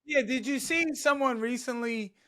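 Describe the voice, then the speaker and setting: A man co-hosting a podcast, his voice high and bright. He chats casually and teases the others with a joking edge. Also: normal speed. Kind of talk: casual chat.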